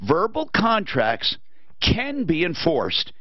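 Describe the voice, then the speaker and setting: A man's voice: a little high, huge pitch swings, takes it slowly, no echo, highs cut off. A man hosting a call-in radio talk show, giving blunt, opinionated advice to callers and reading live ads.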